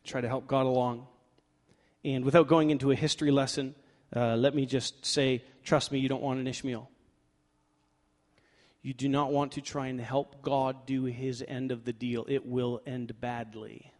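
A male pastor preaching a sermon in a conversational way, swinging from loud emphatic bursts to quiet asides and joking with himself. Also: mid-range voice, level tone, normal speed. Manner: conversational with fillers like "like" and playful self-talk. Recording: long reverb of a large hall.

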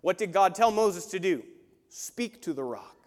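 High-voiced preaching man in a reverberant hall. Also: unhurried. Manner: animated, acts out quoted voices. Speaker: pastor. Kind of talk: sermon.

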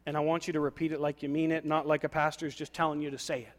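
A man preaches a sermon from the pulpit of a church, driving his point home by repeating short commands to the congregation. His voice sits a little high for a man. The sound carries a long hall reverb. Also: little pitch movement, quick pace, hardly any pauses. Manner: repetitive, exhortative preaching with call-and-response. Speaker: pastor. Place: church sanctuary.

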